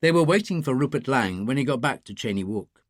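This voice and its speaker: Male thriller narrator, expressive audiobook reading, dry studio sound. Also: medium pitch, brisk, dry recording.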